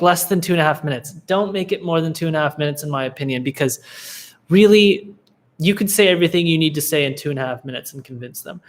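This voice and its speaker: Casual young male host for a live Q&A, relaxed, filler-heavy, slightly high voice. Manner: laid-back, relaxed, with many fillers and restarts. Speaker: livestream Q&A host, agency coach.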